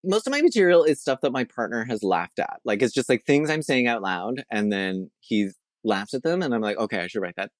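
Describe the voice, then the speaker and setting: A man's voice: mid-range voice, very animated, brisk, hardly any pauses, no echo, clean studio sound. A man from Canada, a veterinarian and comedian, chatting as a guest in a rambling, self-mocking way. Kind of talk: casual interview chat.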